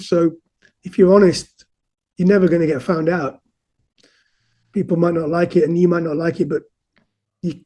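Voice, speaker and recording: A man speaks in a high, mellow register. He talks earnestly and thoughtfully as an interview guest, often stumbling over repeated words as he gets going. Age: 50s. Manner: earnest, reflective, repeats words when starting sentences. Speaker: guest musician. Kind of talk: casual conversational interview.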